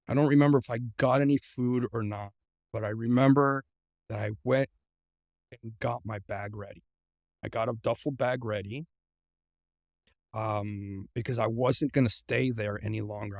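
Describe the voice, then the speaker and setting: A middle-aged man as an interview guest, earnestly recounting a personal ordeal, often halting and repeating words as he speaks. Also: medium pitch, creaky, dry recording, clean studio sound. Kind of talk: personal storytelling in a conversation.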